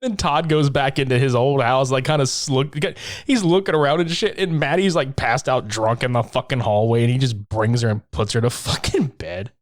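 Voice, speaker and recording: A man's voice: medium pitch, normal speed, hardly any pauses. A man co-hosting a podcast, casually recapping a horror film, swearing often, laughing and acting out its lines. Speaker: podcast co-host. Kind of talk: casual movie recap chat.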